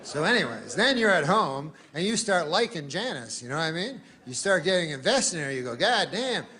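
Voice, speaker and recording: Man telling a rambling deadpan joke. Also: on the high side, brisk. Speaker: stand-up comedian. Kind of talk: stand-up comedy routine. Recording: archive clip with loud crowd laughter. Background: audience laughter.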